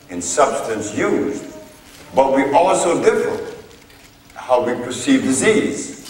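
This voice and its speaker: A man lecturing an audience as a herbalist, telling a courtroom story in a slow, deliberate way and laughing at his own tale. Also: medium pitch, fairly bright tone. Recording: echoey hall, mic far off, faint noise.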